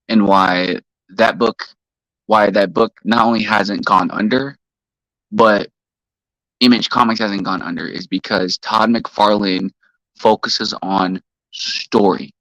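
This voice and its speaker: A man hosting a live stream, ranting heatedly and profanely while shouting out viewers in the chat. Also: lowish voice, dry recording, rough recording.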